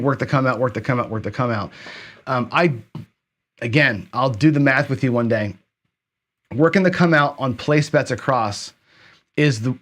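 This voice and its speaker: Chatty man commentating a dice session. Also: mid-range voice. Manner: chatty, self-correcting, repeats words for emphasis. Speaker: craps channel host. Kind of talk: casual livestream commentary on a dice game.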